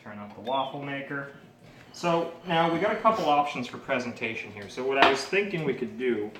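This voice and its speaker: A man's voice: medium pitch, expressive, brisk, roomy sound, background noise. A man, hosting a casual home cooking vlog and chatting while he cooks and tastes. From Canada. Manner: chatty, talks while tasting food. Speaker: home cook and channel host. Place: home kitchen.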